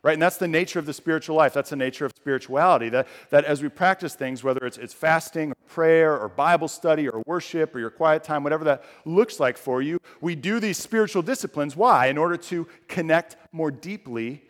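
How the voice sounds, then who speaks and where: A male pastor preaching a sermon in a conversational style that rises to emphatic, loud passages. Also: fairly high pitch, fairly quick, few pauses, long reverb tail.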